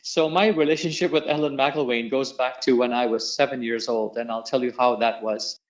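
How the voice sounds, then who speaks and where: A man's voice: mid-range voice, a little fast. A middle-aged man tells his stories as an interview guest, bringing them to life by acting out the voices he quotes. His voice sits in an ordinary middle register. The audio is dull and lo-fi, as over a remote call. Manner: animated storyteller who acts out quoted voices. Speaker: interview guest, tabla player and singer. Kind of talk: storytelling in an interview.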